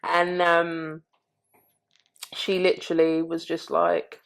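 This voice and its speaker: A woman's voice: low voice, moderate pace. A woman, a podcast guest, telling her own story in a candid, blunt way and swearing freely. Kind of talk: frank personal storytelling.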